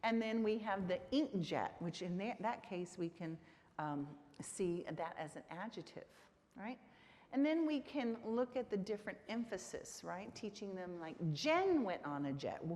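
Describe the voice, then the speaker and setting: A woman's voice: mid-range voice, expressive, normal speed, warm tone. A woman giving a conference lecture on literacy teaching, engaging the audience with frequent "right?" checks. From Texas. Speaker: conference presenter on literacy instruction. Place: conference hall. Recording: reverberant hall.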